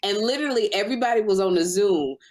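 A woman hosting a podcast, joking and telling stories quickly and playfully. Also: mid-range voice, expressive, a little mellow, slight background noise. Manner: playful, quick, jokey storytelling. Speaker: podcast host. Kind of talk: casual chat.

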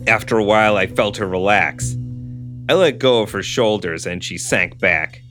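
A man reading a novel aloud in steady first-person narration, with dry asides to a co-host. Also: lowish voice, normal speed. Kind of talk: storybook reading with casual commentary. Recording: guitar music under the voice.

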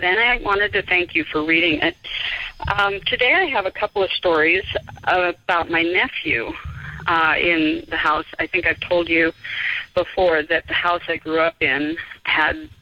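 A caller in their fifties, hesitantly telling a personal ghost story with many pauses and fillers. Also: medium pitch. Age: 50s. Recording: dull phone line.

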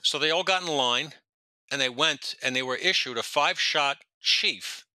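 A man telling stories in a very bright, tense voice, and the sound is close and dry. He rambles, restarts sentences and doubles back in time as he talks. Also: on the high side, normal speed, no room sound. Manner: rambling, self-correcting, jumps around in time. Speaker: podcast guest, retired police detective. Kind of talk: storytelling in a casual interview.

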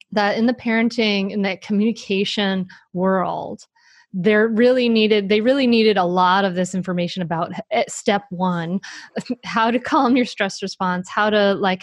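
A middle-aged woman, an author and parenting coach, talking in a casual interview, animated, laughing often and restarting her sentences. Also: medium pitch, no room sound.

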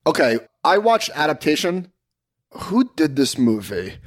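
Male podcast co-host, playful and teasing, somewhat raised pitch. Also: measured pace. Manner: playful, teasing, animated storyteller. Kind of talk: casual chat.

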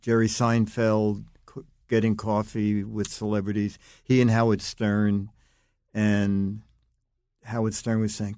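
An older man, a guest in casual chat, telling lively anecdotes. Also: on the low side, a little slow, no room sound, studio quality. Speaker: guest, comedy writer.

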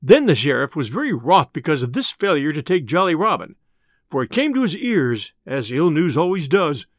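Male narrator for an old adventure tale, lively and slightly higher, dry close mic. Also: dry recording. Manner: expressive, theatrical reading. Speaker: storyteller.

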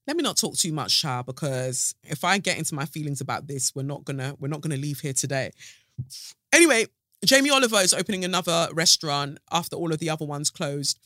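A woman's voice: deep voice, lively intonation, fast talker, pushed and bright, no echo, studio quality. Outspoken woman podcast host. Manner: outspoken, sarcastic, drops to asides. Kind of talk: casual commentary.

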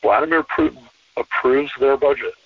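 A man's voice: mid-range voice, fairly even intonation, normal speed, husky, no room sound, far from the mic. An American man talking in a rambling, emphatic way, repeating himself, heard over a tinny phone line. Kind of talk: casual conversation.

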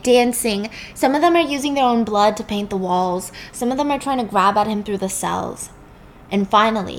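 A woman host casually retelling a film plot, animated and emphatic. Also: mid-range voice, a little hiss or hum. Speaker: podcast host. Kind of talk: casual film recap storytelling.

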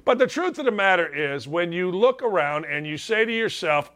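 A middle-aged man delivering an opinionated sports talk monologue in a high voice. His tone is bright and punchy. He wisecracks and hammers each point home by repeating it. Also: normal speed. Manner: animated, wisecracking, rants with emphatic repetition. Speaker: sports talk show host.

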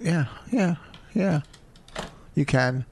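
A man's voice: fairly high pitch, lively intonation, very slow, vocal fry, slight background noise. A man, a comedian, bickering defensively in casual chat and swearing freely, on a close studio mic. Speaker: comedian, co-host.

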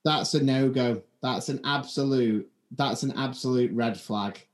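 A man's voice: medium pitch, measured pace. A man co-hosting a podcast, rambling through funny anecdotes with lots of restarts. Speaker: podcast co-host. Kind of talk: casual chat. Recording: roomy echo.

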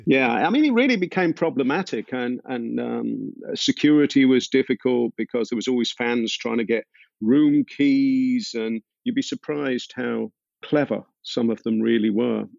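A man being interviewed as a musician, telling stories thoughtfully with many pauses and fillers. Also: medium pitch, vocal fry, a little mellow, dry recording. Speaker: musician guest. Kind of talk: relaxed interview storytelling. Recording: dull, dry lo-fi sound.

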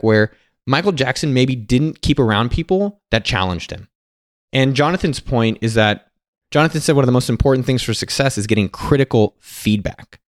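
A man telling a story and sharing advice in a casual monologue, animated and acting out the people he quotes. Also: mid-range voice, no room sound, clean studio sound. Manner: animated, quotes others in lively put-on voices.

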